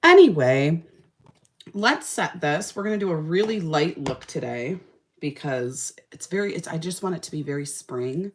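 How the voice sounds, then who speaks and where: A woman's voice: deep voice, moderate pace, slight background noise. A young woman talking casually and sassily while doing her makeup, telling a story with lots of feeling. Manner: sassy, animated storytelling. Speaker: makeup vlogger. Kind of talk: casual makeup-tutorial chat.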